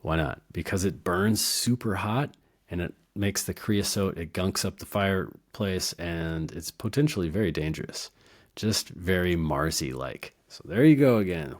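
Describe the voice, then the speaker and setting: Deep-voiced rambling man musing on herbs. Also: animated, moderate pace. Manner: rambling, playful, laughs at own wordplay. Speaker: herbalist podcast host. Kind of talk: casual educational monologue.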